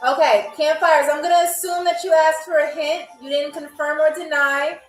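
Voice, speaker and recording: A woman's voice: high voice, steady tone, normal speed, roomy sound, faint music behind, poor audio. A woman hosting a live-streamed trivia game show, chatting playfully with viewers and teasing them as they answer.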